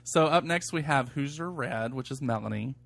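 Gravelly, joking man podcast co-host. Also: medium pitch, moderate pace, background noise. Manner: joking, reads listener emails, runs the show order. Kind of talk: casual podcast chat.

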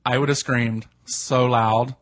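A man co-hosting a podcast in casual chat, gossipy and quick to laugh. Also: mid-range voice, fairly even intonation. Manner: chatty, gossipy, laughs often. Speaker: podcast co-host.

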